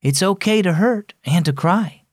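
A man voicing a gentle mom. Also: high voice, lively intonation, unhurried, dry recording, studio quality, pitched above the performer's own voice. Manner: gentle, soothing. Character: gentle comforting mother.

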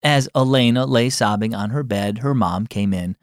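A man hosting a children's devotional program, narrating a story in a gentle, scripted storytelling manner. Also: mid-range voice, moderate pace, few pauses, no room sound, clean studio sound. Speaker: host and storyteller.

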